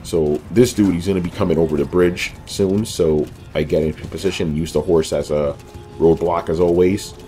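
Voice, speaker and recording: A man's voice: low voice, fairly even intonation, moderate pace, warm tone. A man giving casual commentary over a video game walkthrough, rambling loosely with lots of fillers and joking asides about himself.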